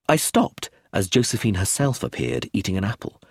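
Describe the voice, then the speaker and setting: A man narrating a novel aloud in an expressive, measured storytelling manner. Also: sits low, vocal fry, breathy edge, dry recording, studio quality. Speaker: audiobook narrator. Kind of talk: scripted narration.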